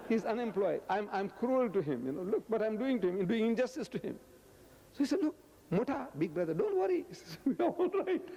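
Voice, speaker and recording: A man in his seventies giving a religious lecture, loud and forceful, his pitch jumping high when he gets animated. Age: 70s. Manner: loud, forceful, booming delivery; pitch swings sharply upward when animated. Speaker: Islamic lecturer. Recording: long hall reverb.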